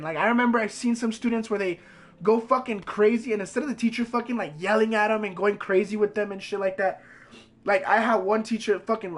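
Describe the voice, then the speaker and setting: Young male streamer, high voice, casual and profane. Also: fairly bright tone. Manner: rambling, profane storytelling. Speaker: game streamer.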